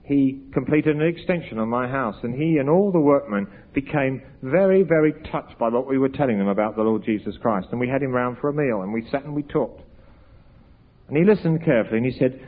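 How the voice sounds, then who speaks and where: A husky-voiced man delivers an evangelistic sermon, moving from earnest pleading to emphatic peaks. The sound is thin and tinny, as though it came down a phone line. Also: mid-range voice, expressive, a little fast. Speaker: preacher.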